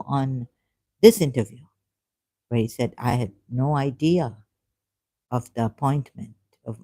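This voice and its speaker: A woman vlogging about religion to camera, hesitant and halting with many restarts, earnest and openly frustrated. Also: low-pitched, dark tone. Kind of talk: unscripted talk to camera.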